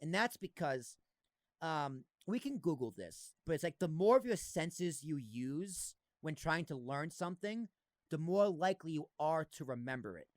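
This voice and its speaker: A podcast host in his thirties chats casually and with real energy, using plenty of filler words and the occasional curse. His pitch sits fairly high and swings widely, his pace is moderate, and the audio has no echo.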